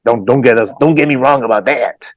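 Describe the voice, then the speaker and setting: A man with kids co-hosting a casual soccer podcast, animated and laughing often as he tells stories and slips into silly voices. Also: mid-range voice, fairly quick, no echo. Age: adult with children. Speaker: podcast co-host. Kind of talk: casual chat.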